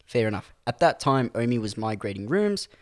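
A man's voice: mid-range voice, a little fast, no room sound. Dry-voiced young man telling a story. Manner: animated storyteller, acts out quotes, laughs often. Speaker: podcast co-host. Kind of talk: casual storytelling chat.

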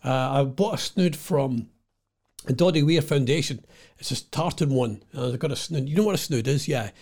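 A man's voice: mid-range voice, normal speed, a little mellow. An older Scottish man chatting at home in a casual, digressive monologue, often losing his thread. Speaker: vlogger.

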